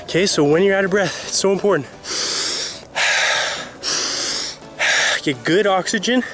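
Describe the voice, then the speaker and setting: A man's voice: high voice, fast talker, slight background noise. A man coaching football fitness in an instructional vlog, out of breath and sighing between encouraging phrases, outdoors.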